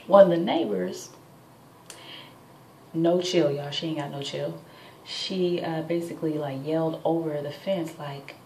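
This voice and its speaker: Late at night indoors, a young vlogger in her twenties unloads her frustrations on camera, rambling with plenty of fillers and sounding worn out. Her voice is low, creaky and mellow. She's off-mic in an echoey room, faint noise underneath.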